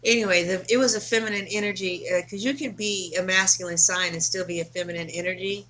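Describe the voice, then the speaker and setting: A woman's voice: mid-range voice, fairly even intonation, quick pace, fairly bright tone. A woman tarot reader talking casually to camera, blunt, emphatic and full of swearing.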